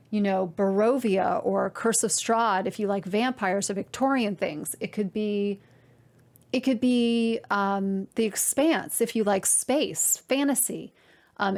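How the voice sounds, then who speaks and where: A woman hosting a knitting podcast from home, talking to camera in a chatty, excitable way and addressing her viewers directly. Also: medium pitch. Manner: chatty and excitable, full of "like" and "you guys". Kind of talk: casual chat to camera.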